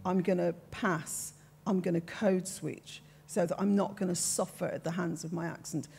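Gravelly older woman with a Brummie accent. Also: lowish voice, steady tone, moderate pace, darkish tone. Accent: Birmingham. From Birmingham, England. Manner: frank, emphatic, self-assured. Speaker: panelist. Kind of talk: panel discussion.

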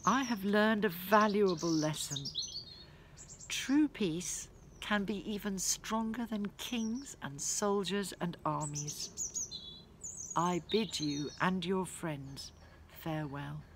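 A man's voice: sits high, takes it slowly, background noise. A woman voicing a proud male king who has been humbled, speaking in a formal, pleading way. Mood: humble. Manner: wailing, then humble and formal.

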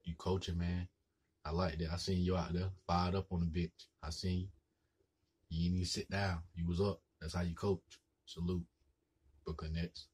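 A man's voice: low-pitched, level tone, moderate pace, a little mellow, husky. A man hosting a casual reaction video, talking straight to the players on screen in a hyped, slangy way. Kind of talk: casual live game reaction commentary.

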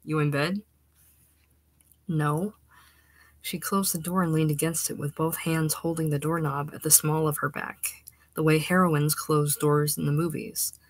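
Reading a short story aloud at a moderate pace, a deep-voiced woman keeps her narration steady and even, occasionally dropping almost to a whisper. The mic is close and the sound dry, free of any echo or room tone.

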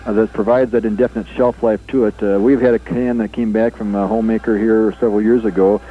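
A man's voice: fairly low pitch, level tone, fast talker. A man from a food company explaining production steps in a radio phone interview, with "uh" fillers. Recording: tinny phone line.

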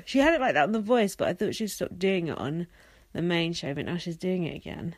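A young woman hosting a podcast rants about a reality show, swearing constantly and tossing in sarcastic, mocking asides. Her voice is on the low side and very animated at a normal speed, with no echo.

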